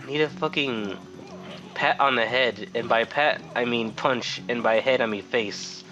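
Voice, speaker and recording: A man's voice: medium pitch, bright, forceful tone. A young man casually commenting on a game he is playing while telling a rambling story, swearing freely and sounding exasperated. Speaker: gameplay commentator. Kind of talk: casual let's-play storytelling.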